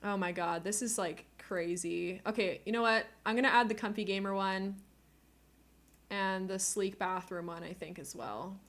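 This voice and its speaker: A woman's voice: mid-range voice, steady tone, moderate pace, fairly bright tone. A woman streamer chatting casually to her viewers, gushing and emotional, near tears, laughing often, on a cheap desk microphone at home. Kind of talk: casual live-stream chat.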